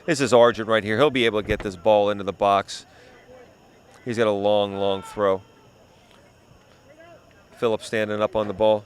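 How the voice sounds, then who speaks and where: A man calls play-by-play for a youth soccer game on an outdoor field, explaining plays as local sports commentary with frequent "yep" and "uh". His fairly low voice has fairly even intonation and a moderate pace with long pauses, and faint outdoor noise is audible.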